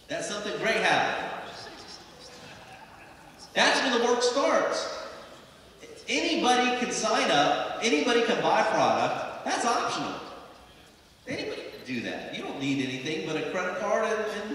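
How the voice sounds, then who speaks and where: A man's voice: high-pitched, pushed and bright, slight background noise. An American man giving a motivational sales speech on stage, emphatic and repetitive as he rallies the audience. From United States. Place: large conference hall. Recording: echoey hall from far off.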